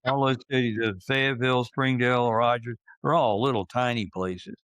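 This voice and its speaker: A man in his seventies, reminiscing in a casual interview and speaking slowly, with many fillers and restarts. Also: medium pitch, fairly even intonation, fairly bright tone, no room sound. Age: 70s. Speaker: interviewee recalling his youth.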